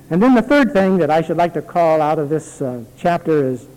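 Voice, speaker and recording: A man's voice: fairly high pitch, animated, a little fast, few pauses, darkish tone. A man preaching a sermon, earnest and telling a story before building to emphatic, rising exhortation. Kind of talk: sermon with a read-aloud letter. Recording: long hall reverb, 1982 sermon tape.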